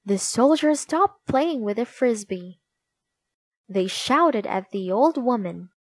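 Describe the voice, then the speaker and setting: A woman reading a children's storybook aloud in a slow, expressive way. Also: fairly high pitch. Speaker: narrator.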